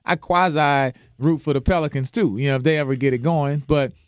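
Laid-back former player, slightly high voice. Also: male voice, a little fast, dry recording, studio quality. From New Orleans. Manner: relaxed, restarts often, laughs easily. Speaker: former football player, analyst. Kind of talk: casual sports chat.

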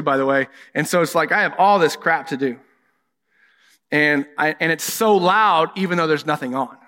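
Male preacher, bright and a bit high, frank conversational sermon with stories, long hall echo. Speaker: pastor.

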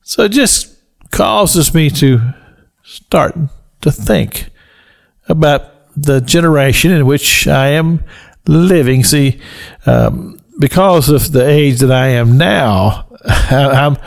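A man's voice: fairly high pitch, takes it slowly, vocal fry. An older man, hosting a Christian radio show in a folksy, earnest, conversational way. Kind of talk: devotional radio talk.

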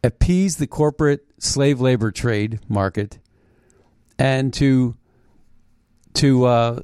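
A man hosting a political commentary show, talking in a mocking, halting way with frequent restarts. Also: medium pitch, darkish tone, clear, resonant tone, no room sound, studio quality. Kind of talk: opinionated commentary monologue.

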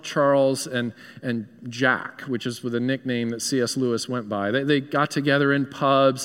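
A man's voice: medium pitch, a bit bright, clear, resonant tone, in a large hall. A man with a Southern US accent, a pastor preaching an earnest, conversational sermon in a church. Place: church sanctuary.

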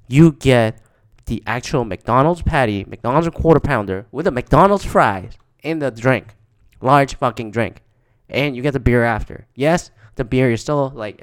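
Here a man with a medium-pitched, clean-toned voice recalls games he attended in a casual, profane ramble packed with fillers.

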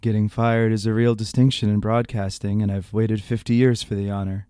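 A man doing an impression of an older male radio storyteller, reading in a low, slow, deadpan way very close to the microphone. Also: smooth, dry recording, natural voice.

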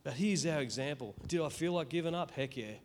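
A middle-aged Australian man giving an earnest, emotional spoken testimony in church, halting and restarting as he speaks. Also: on the high side, slight background noise.

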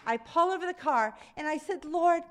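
A woman's voice: high-pitched, moderate pace. A middle-aged woman preaching a conversational sermon, telling stories and acting out quotes. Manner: conversational preaching, lively storytelling with acted quotes.

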